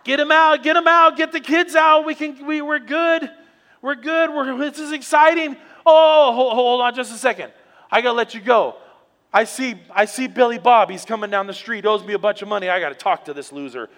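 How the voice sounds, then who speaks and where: Preacher playing an ecstatic forgiven man shouting news home; high, bright, hall reverb. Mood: overjoyed. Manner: excited, breathless, rushing. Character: giddy forgiven debtor man phoning his wife.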